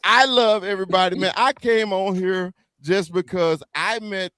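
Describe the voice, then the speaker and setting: A man from the American South with a Southern accent, a guest bantering on a fan podcast, animated, stammering and swearing. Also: sits high, moderate pace, clean tone, dry recording. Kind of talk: heated casual banter.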